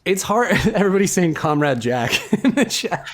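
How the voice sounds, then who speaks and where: A man co-hosting a casual comedy chat show, playful and quick to laugh. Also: high-pitched, very animated. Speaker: co-host.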